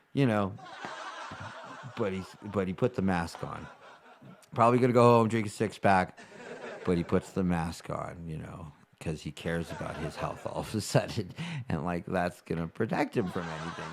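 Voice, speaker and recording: A man with a lowish voice rants through a stand-up bit, swearing freely and mocking as he goes. He swings from loud bursts to muttered asides in a loose, rambling delivery. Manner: profane, ranting, mocking, swings loud and quiet. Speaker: stand-up comedian.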